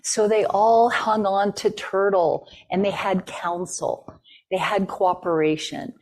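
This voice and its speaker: A woman's voice: mid-range voice, fairly even intonation, slow pace, a little mellow. A woman giving a talk and telling a traditional story in a conversational way, with fillers. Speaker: guest speaker.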